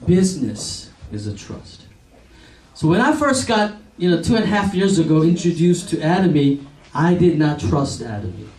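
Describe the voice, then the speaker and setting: This eye doctor in his forties entertains a company event crowd with a slow, chatty tale, laughing a lot and acting out what others said. His fairly high voice has lively intonation and is a little mellow, recorded from afar in an echoey hall with faint noise.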